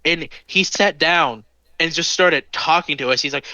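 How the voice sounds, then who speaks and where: Bright-voiced young man telling stories. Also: a little high, moderate pace, no echo, muffled recording. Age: 20s. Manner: animated storytelling, lots of swearing. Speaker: podcast co-host. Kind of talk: casual podcast chat.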